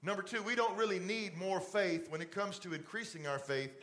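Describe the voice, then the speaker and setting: A middle-aged pastor delivers a sermon from a church stage. His voice sits fairly high for a man. He talks conversationally and slips into a soft, fatherly tone when he speaks to the congregation directly. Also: a little fast. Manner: conversational preaching, drops to a soft fatherly voice for asides.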